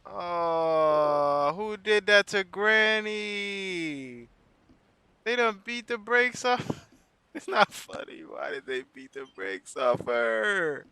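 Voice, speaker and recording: A young man hosting a gaming video, reacting loudly and joking in slangy talk. His voice is bright and higher than most, swinging widely in pitch. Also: very slow, smooth, dry recording. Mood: excited. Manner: loud, animated, joking, slangy. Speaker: gaming channel host. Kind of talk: gameplay commentary.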